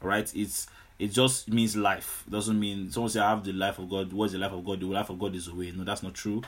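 A man's voice: lowish voice, little pitch movement, brisk. A man preaching a sermon, repeating himself often and breaking in with hallelujahs and amens. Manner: repetitive, exclamatory with frequent hallelujahs and amens. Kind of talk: sermon teaching.

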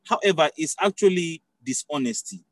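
A man's voice: high-pitched, normal speed, no echo, low-quality recording. A man preaching a sermon in a conversational teaching style, often restarting phrases and checking that listeners follow.

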